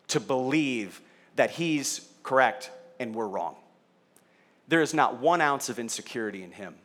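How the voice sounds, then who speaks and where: A man's voice: a little high, fairly bright tone. A middle-aged man, a pastor, teaching a sermon in a conversational way, checking in with his audience and teasing the room. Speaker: pastor teaching a Bible study.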